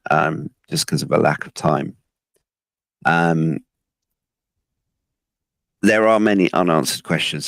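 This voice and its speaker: A man with a very low, gravelly voice talks through notes in a casual podcast. He hesitates often and restarts his sentences. The sound is dry and close, with no room around it. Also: no room sound. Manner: hesitant, many ums and restarts. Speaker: co-host presenting research.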